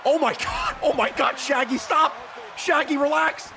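A man streaming a game and giving excitable play-by-play commentary, swearing and laughing often. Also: extremely high pitch, measured pace, background noise. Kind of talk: live-stream gameplay commentary.

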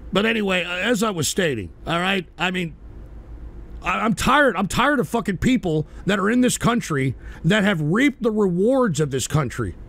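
An American man hosting a radio show, ranting about politics with heavy profanity and shouted bursts. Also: sits high, gravelly, no room sound. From United States. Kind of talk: angry political rant.

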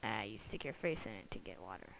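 A young adult rambling jokily through gameplay commentary, breaking into sudden excited whoops now and then. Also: mid-range voice, fast talker, gravelly, slight background noise, poor audio. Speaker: gamer recording gameplay commentary. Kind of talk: casual let's-play commentary. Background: other people talking in the room.

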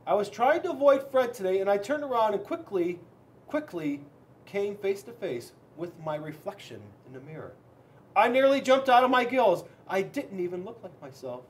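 Officer guy reading a kids book out loud, pretty high voice, really dramatic, gets loud then quiet. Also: normal speed. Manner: expressive, dramatic reading with big swings in loudness. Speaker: police officer reading to children. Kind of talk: storybook read-aloud.

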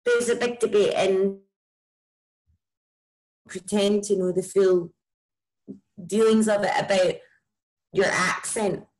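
A woman with a broad Scottish accent, a musician chatting casually and warmly about her music in an interview, with lots of "like" and "um". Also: medium pitch, steady tone, takes it slowly, pauses often, poor audio. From Scotland. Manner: chatty, enthusiastic, many likes and ums. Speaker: musician guest.

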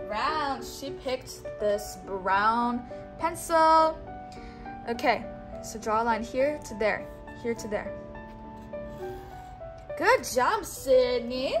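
Slow, coaxing woman teacher. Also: a little high, expressive, over music. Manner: slow, coaxing, repeats words for the child to echo. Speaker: teacher guiding a child. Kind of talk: patient one-on-one teaching.

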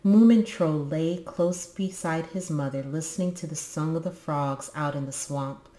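A woman with a low voice reads a children's book aloud, breaking off now and then for casual, musing asides. The room around her is echoey. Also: measured pace, mellow. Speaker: book channel host.

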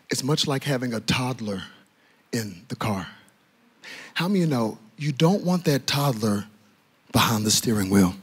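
A man preaching as a pastor, playful and animated, joking with the congregation and swinging from loud bursts to hushed tones. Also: mid-range voice, breathy edge. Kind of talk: lively sermon. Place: church auditorium.

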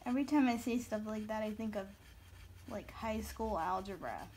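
A woman's voice: mid-range voice, darkish tone, a little hiss or hum. A woman in her thirties, from the American South, chatting casually and giggling as she colors for her viewers. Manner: chatty, giggly, slow-paced. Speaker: coloring video host. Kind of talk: casual chat while coloring.

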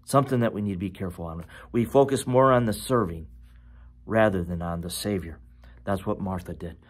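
A man preaching a sermon as pastor, with animated, conversational storytelling and questions to his listeners. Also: deep voice, brisk. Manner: animated storytelling, self-correcting.

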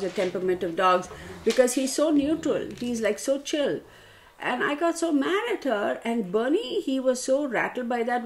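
Chatty woman with a fairly high voice. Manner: chatty, rambling, addresses viewers as y'all. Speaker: tarot reader. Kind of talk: casual storytelling to viewers.

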